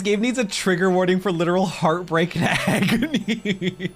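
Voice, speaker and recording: A man's voice: high voice, moderate pace, hardly any pauses, soft background music. A man live-streaming a video game, reacting with emotional, rambling and swearing talk while joking with his chat.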